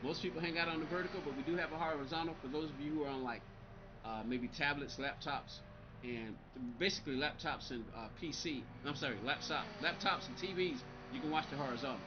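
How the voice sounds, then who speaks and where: Speaking fast in a voice on the high side, a man streams a racing game and casually reads out viewer comments. He sounds irritated, rambles and keeps repeating himself, all over dull audio with background noise.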